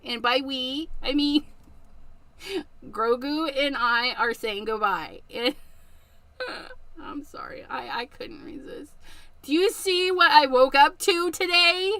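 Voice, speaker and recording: Bright, high-voiced chatty craft streamer woman. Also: takes it slowly, long pauses, no room sound. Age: middle-aged. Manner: chatty, laughs often. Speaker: craft livestream host. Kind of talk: casual livestream chat.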